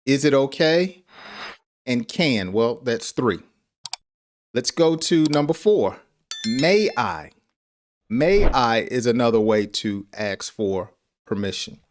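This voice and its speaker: A man's voice: medium pitch, animated, slow, long pauses. A man teaching an English lesson on a live stream, patiently repeating example phrases and chuckling at his own examples.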